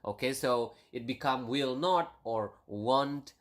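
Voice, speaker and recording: A man teaching an online language lesson, explaining step by step and slowing down to stretch key words, with many fillers and restarts. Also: medium pitch.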